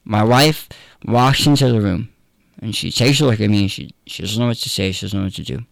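A man's voice: fairly low pitch, brisk, gravelly, no room sound. Candid man, dry close sound. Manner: candid, earnest, conversational with fillers. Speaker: pastor. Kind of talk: personal storytelling in an interview.

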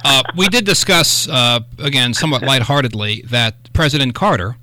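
A man hosting a radio talk show, chatting casually with quick joking asides. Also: mid-range voice, sharp tone, no room sound. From upstate New York.

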